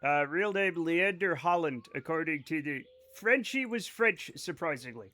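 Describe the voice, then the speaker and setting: Brief: male game streamer with a high voice, chatting to viewers, loose, profane and rambling. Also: expressive, moderate pace, sharp tone. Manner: rambling, profane, joking asides to chat. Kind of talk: casual live-stream chat with viewers.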